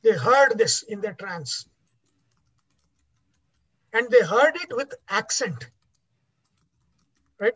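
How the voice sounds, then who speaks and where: A man's voice: high-pitched, expressive, slow, long pauses, a bit bright, slightly rough. A man teaching a class in an explanatory lecture style, often restarting his words and checking in with "right?". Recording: dull lo-fi recording.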